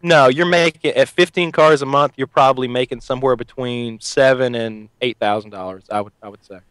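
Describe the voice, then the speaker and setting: A male podcast host in loose, laughing conversation, telling stories with animation. His voice is mid-pitched, and the sound is dry and close with no room echo. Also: brisk, clear, resonant tone. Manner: animated, laughs often, storytelling. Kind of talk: casual podcast chat.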